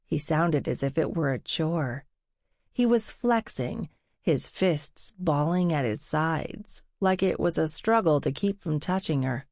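A woman reading a novel aloud as narrator, in a measured, unhurried way. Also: low-pitched, animated, darkish tone, no room sound, clean studio sound. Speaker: audiobook narrator. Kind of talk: scripted narration.

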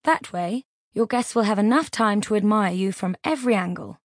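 A woman's voice: mid-range voice, no room sound, clean studio sound, close to an everyday voice. A woman doing a fussy, nervous male reverend. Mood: instructive. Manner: hurried and eager to please. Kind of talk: audiobook character voice.

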